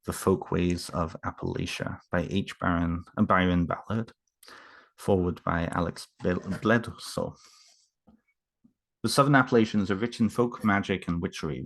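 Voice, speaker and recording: A man with a deep voice unboxes books in a casual home vlog. Moved and emotional, he talks haltingly, with lots of fillers and restarts.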